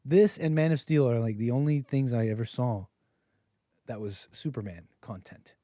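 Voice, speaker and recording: A man in his thirties hosts a call-in livestream in a loose, rambling way, chuckling as he reads viewer messages aloud. His voice has a mellow, darker tone. The recording is dry and close, with no room sound. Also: mid-range voice, moderate pace, dry recording. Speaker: host of a call-in stream. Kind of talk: casual livestream commentary.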